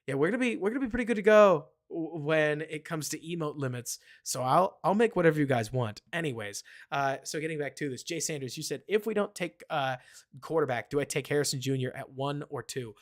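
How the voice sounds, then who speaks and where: A man's voice: a little high, lively intonation, a little fast. A man, hosting a casual live football stream, rambling, answering viewers by name.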